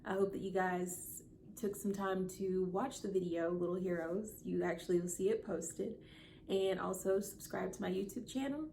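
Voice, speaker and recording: Woman in her 30s telling a heartfelt story straight to camera, earnest, lots of vocal fry. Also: medium pitch, fairly even intonation, moderate pace, dark tone, slight background noise. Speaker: content creator.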